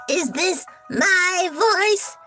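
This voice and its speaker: A woman's voice: high voice, heavily acted. A woman voicing a startled cartoon villainess who has turned into a cat, in a theatrical, disbelieving way.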